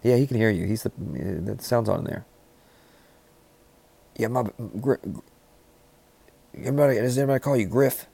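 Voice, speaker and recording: A man in rambling, deadpan comedic banter, riffing with frequent restarts. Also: mid-range voice, moderate pace, vocal fry, pauses often, breathy edge.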